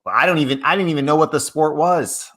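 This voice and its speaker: A man's voice: a little high, quick pace. A man in his thirties from Massachusetts, a guest author telling stories in a casual interview, acting out the voices he quotes. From Massachusetts, USA. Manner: animated storyteller, acts out quoted voices.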